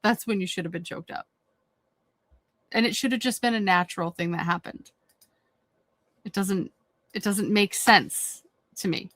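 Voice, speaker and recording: A woman's voice: medium pitch, measured pace, long pauses, fairly bright tone, no echo. A woman commenting on played clips in a conversational, repetitive way with frequent fillers.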